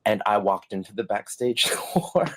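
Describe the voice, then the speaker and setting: Middle-aged man, animated storyteller, laughing often, acts out quotes, casual interview. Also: lowish voice, moderate pace. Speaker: interview guest, former musical performer.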